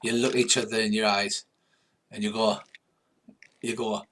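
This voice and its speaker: A man's voice: lowish voice, flat delivery, unhurried, a bit bright. An older man running a tabletop role-playing game as game master, narrating in a wry, rambling way full of fillers.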